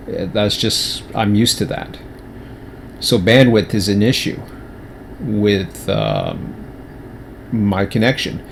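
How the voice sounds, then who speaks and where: A man's voice: on the low side, vocal fry, slight background noise. A man chatting casually on a livestream, rambling with many restarts and fillers, at times with his mouth full. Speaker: streamer.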